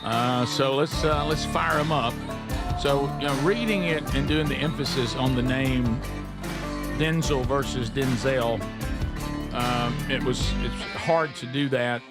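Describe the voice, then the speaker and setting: A man's voice: mid-range voice, normal speed, loud music behind the voice. A man hosting a call-in radio show, chatting in a folksy, easygoing way and laughing easily. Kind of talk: casual call-in show chat.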